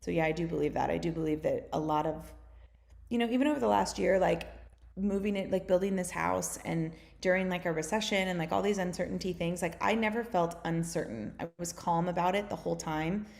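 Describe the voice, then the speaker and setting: A woman's voice: on the low side, gravelly, a little mellow. A woman in her thirties from the United States, telling stories in a casual podcast talk, full of fillers. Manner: fast, filler-heavy storytelling with many "like"s. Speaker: guest. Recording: roomy echo.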